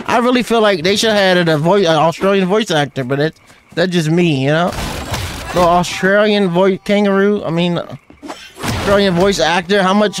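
A young man doing excitable, slangy let's-play commentary as he plays a game, often yelling at what happens on screen. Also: high voice, noisy background. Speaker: gaming YouTuber.

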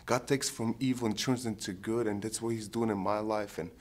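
Guy around 30 from ukraine sharing his faith story, kinda low voice, earnest and heartfelt, stops and restarts a lot looking for words. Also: steady tone, a little fast. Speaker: program participant giving testimony. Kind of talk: personal faith testimony.

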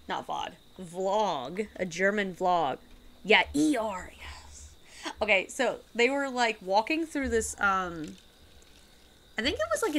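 A woman streamer chatting casually while she plays a game, rambling and giggling as she goes. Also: fairly high pitch. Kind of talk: casual gaming chat.

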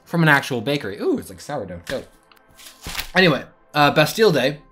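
A man's voice: fairly high pitch, very animated, brisk, fairly bright tone, faint music behind. A young man and student rambling casually to camera in a vlog, self-deprecating and chatty. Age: young adult. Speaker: vlogger.

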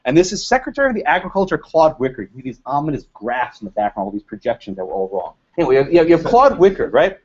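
A man giving a lively, joking law lecture to a live audience, quizzing the room and laughing at his own jokes. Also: on the high side, rapid-fire, few pauses. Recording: dull lo-fi lecture recording.

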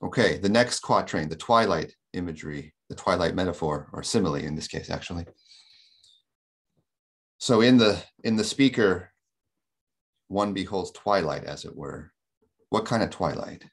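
A man lecturing on poetry in a webinar, speaking carefully, repeating words and slowing right down to read verse aloud. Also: low voice, creaky, slightly rough. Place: home or office, on a webinar. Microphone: computer microphone on a video call.

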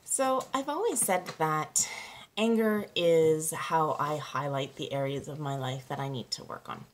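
A woman in her thirties, a parenting coach, talking candidly to camera, halting and close to tears. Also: low voice. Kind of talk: personal vlog monologue.

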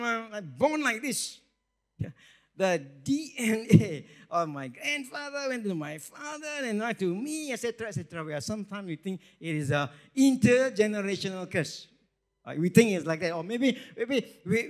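High-voiced pastor preaching. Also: male voice. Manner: emphatic, repeats phrases, swings between loud and soft. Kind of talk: sermon.

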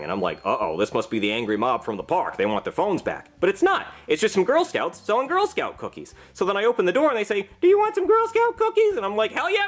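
Boastful, violent cop; lively, rambling delivery. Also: male voice, sits high, exaggerated voice. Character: brash, violent male police officer.

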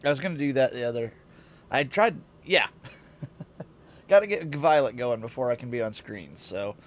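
A man's voice: medium pitch, lively intonation, normal speed. A male streamer with a sleepy morning voice and stuffy sinuses, chatting loosely and chuckling at a desk mic at home. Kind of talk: casual game-stream chat.

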